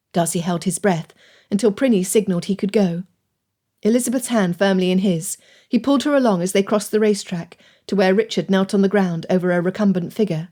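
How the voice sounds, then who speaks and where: A woman reading a period romance audiobook aloud with an expressive, dramatic delivery. Her voice sits in a middle range. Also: mid-range voice, a little fast. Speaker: audiobook narrator. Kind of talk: scripted narration.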